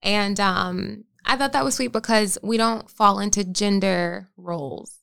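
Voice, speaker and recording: A young woman chatting casually, telling stories in an animated way and laughing often. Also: mid-range voice, measured pace, gravelly, clean tone. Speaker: bride-to-be guest. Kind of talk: casual chat.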